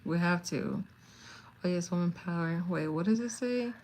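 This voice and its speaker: A woman from California hosts a casual livestream, talking straight to her viewers in a slightly low voice. She is chatty and animated and often breaks into laughter. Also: normal speed, slight background noise. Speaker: livestream host. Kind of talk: casual live chat with viewers.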